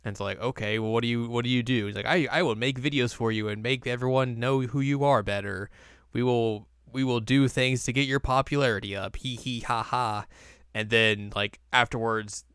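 A man's voice: medium pitch, brisk, a bit bright, clean tone, dry recording, studio quality. A young man hosting a podcast, casually recapping an episode and acting out lines in silly voices. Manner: chatty, acts out quotes in silly voices. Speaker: podcast host.

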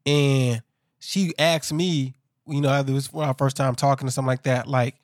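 A man's voice: medium pitch, steady tone, normal speed, no echo, studio quality. A man co-hosting a casual podcast, telling rambling anecdotes with restarts. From Chicago area. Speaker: podcast co-host. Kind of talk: casual chat recapping a reality show.

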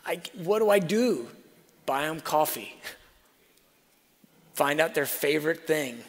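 A man preaching a sermon, telling a personal story and swinging between soft asides and loud emphasis. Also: fairly high pitch, lively intonation, slow pace. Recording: reverberant hall.

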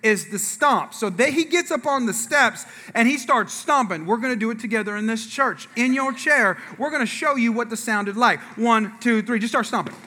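High bright-voiced storytelling pastor. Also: male voice, normal speed, hardly any pauses. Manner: storytelling with acted-out dialogue and audience asides. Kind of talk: sermon. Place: church.

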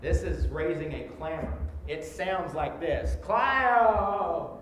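A man preaching a sermon as pastor, impassioned, his voice swelling loud when he voices laments. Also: a little high, unhurried. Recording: echoey church hall with background noise.

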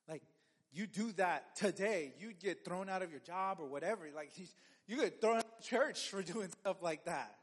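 A man's voice: high voice, moderate pace, slightly rough, big-room sound. A man preaching a sermon as a pastor, in a conversational way with joking asides and frequent restarts.

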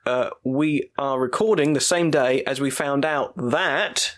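A man's voice: medium pitch, unhurried, few pauses. A man hosting a podcast in casual chat, giggly and self-mocking as he rambles. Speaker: podcast host.

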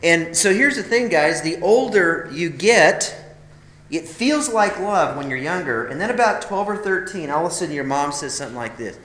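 A man's voice: on the high side, lively intonation, normal speed, a bit bright, reverberant. A man teaching a live class of men conversationally, emphatic, calling them "guys" and asking rhetorical questions. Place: classroom or meeting room.

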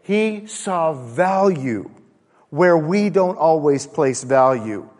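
Male pastor, fairly high voice, church hall with long reverb. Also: expressive, takes it slowly, a little mellow. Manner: conversational preaching, rhetorical questions, playful asides. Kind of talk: sermon.

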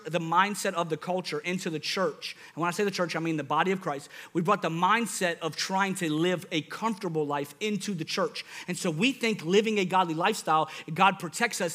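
A young man preaches with a high, bright, ringing voice. He tells his stories in an animated way, his voice swinging up and down. It sounds like a sermon. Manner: animated storytelling with big vocal swings. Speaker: pastor.

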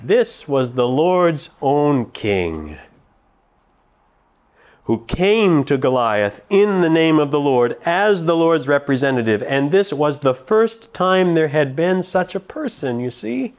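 A man preaching a sermon, reading scripture slowly and with emphasis, then explaining it to the congregation. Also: a little high, very animated.

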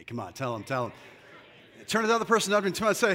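A man preaching a lively sermon to his congregation, joking and calling on the crowd to respond, on a brightly lit church stage. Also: medium pitch, racing. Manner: energetic, joking, calls on the congregation. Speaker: pastor.

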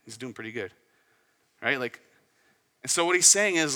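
A man preaching a sermon in a relaxed, conversational way, often putting questions to his listeners. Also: medium pitch, normal speed. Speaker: pastor. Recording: long hall reverb.

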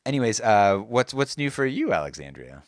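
A young man co-hosting a podcast, chatting in a relaxed, halting way. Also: on the low side, dry recording, clean studio sound. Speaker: podcast co-host. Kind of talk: casual chat.

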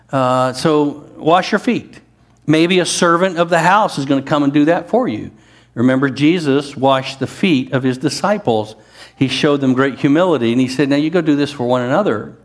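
Man preaching a lively sermon. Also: on the high side. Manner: conversational preaching with asides and rising emphasis. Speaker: pastor.

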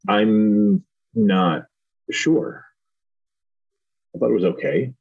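Husky low-voiced man, halting. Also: animated, narrow, tinny audio. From Southern Indiana. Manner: halting, hedging, many restarts. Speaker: podcast co-host. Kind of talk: casual TV review chat.

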